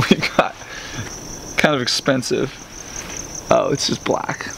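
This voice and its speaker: Young man, gravelly voice, lively pitch, joking about car mods, crickets outside. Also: slow pace. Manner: jokey, playful, laughs a lot. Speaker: friend explaining the car. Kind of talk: casual joking chat. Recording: outdoor noise with crickets.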